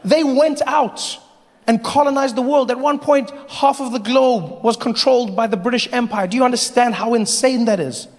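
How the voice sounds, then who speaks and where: Animated high-voiced male stand-up comedian. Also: normal speed. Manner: animated, mocking, rising to shouts. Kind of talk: stand-up routine. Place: live comedy stage. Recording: reverberant theater with faint noise.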